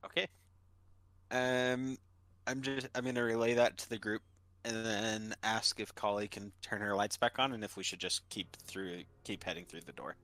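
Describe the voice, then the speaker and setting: A man's voice: fairly low pitch, steady tone, moderate pace, fairly bright tone, no room sound. A man playing a tabletop game, polite and asking questions as he plays. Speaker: player. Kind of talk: casual tabletop game play.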